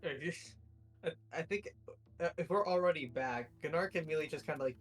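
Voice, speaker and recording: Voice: medium pitch, fairly quick, breathy edge, faint music behind. Laughing player describing their character. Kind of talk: tabletop role-play.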